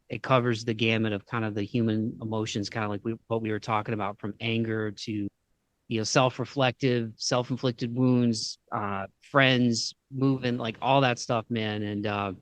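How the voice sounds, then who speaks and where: A man's voice: fairly low pitch, fairly bright tone, no room sound. A man with a Midwestern accent hosting a podcast, chatting casually with lots of slang. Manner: laid-back, slangy, says "dude" and "man" often. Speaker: podcast host. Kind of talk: casual interview chat.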